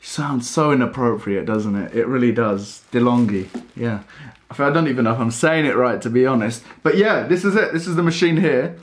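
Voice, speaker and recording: A young man rambling excitedly while unboxing a coffee machine in a casual vlog. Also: medium pitch, normal speed. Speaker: coffee vlogger.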